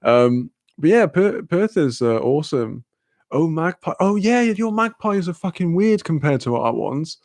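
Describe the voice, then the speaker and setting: A man's voice: a little high, animated, measured pace, a little mellow, no echo. A Welsh man streaming a casual chat, laughing often, swearing freely and reading chat messages aloud. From Wales.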